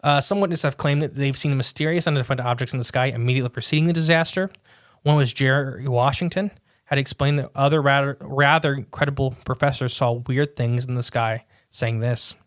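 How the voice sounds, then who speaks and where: A man's voice: medium pitch, steady tone, dry recording. Man, podcast co-host, rambling casual talk, dry close sound. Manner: rambling, reads quotes haltingly. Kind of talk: casual chat and reading aloud.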